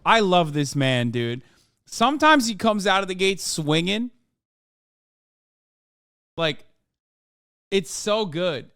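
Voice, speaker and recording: A man's voice: high-pitched, big pitch swings, slow pace, pauses often, a bit bright, clean tone, no echo, studio quality. A man streaming casual reaction commentary, sarcastic and profane, rambling as he riffs.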